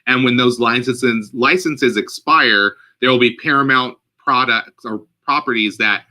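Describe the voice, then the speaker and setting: A man co-hosting a podcast in a loose, casual chat. His voice is very bright and edgy in tone. He rambles with plenty of "um"s and quick laughs. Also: mid-range voice. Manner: chatty, rambling, frequent fillers and laughs. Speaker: podcast co-host.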